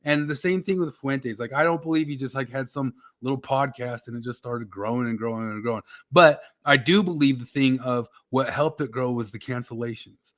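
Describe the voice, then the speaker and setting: A man's voice: medium pitch, a little fast, few pauses, fairly bright tone. A man talking on a casual podcast, laying out an argument in a loose, rambling way. He often restarts his sentences and circles back to repeat his point. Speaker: podcast co-host. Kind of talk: casual political chat.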